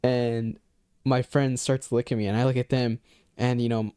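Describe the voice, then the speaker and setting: A man's voice: mid-range voice, level tone, normal speed, dark tone, clear, resonant tone, no room sound, studio quality. A young man telling a personal story in a loose, rambling way, swearing often and leaning on filler phrases. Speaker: vlogger. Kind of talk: casual storytime.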